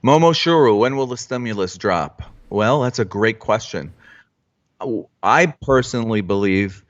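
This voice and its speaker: Casual male stream host, low voice, rambling and jokey, lo-fi sound. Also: expressive, a little slow. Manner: joking, rambling with restarts. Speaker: stock trading livestream host. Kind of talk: casual live-stream chat. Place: Florida home trading room.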